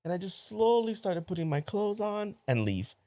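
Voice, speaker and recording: Lively man telling a story. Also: high voice, moderate pace. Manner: animated storytelling, quotes others in a hushed voice. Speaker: podcast co-host. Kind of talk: casual chat.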